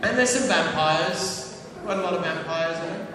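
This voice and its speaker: Before a live audience in a large hall, an actor with a rather high voice tells playful, self-mocking anecdotes about his acting work at a moderate pace, restarting often. The recording is echoey and far from the mic, with crowd and audience sounds in the background.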